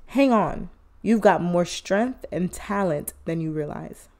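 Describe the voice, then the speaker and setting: A woman's voice: on the low side, lively intonation, slow pace, darkish tone. A woman hosting a podcast, speaking in an earnest, encouraging casual monologue. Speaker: podcast host. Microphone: phone headphone mic or podcast mic.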